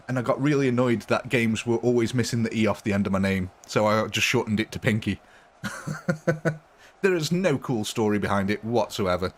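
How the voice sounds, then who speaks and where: A man casually chatting with viewers during a live stream, rambling and laughing often. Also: mid-range voice.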